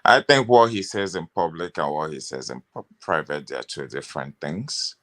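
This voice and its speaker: A man's voice: a bass voice, moderate pace. A man arguing his views animatedly in a casual political discussion. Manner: animated, opinionated, interrupts often. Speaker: panelist.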